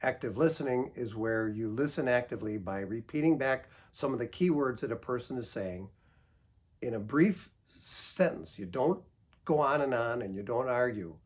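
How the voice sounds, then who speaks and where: A man counselor calmly giving advice, patient and gentle, explaining through examples. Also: mid-range voice, normal speed. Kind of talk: calm instructional talk.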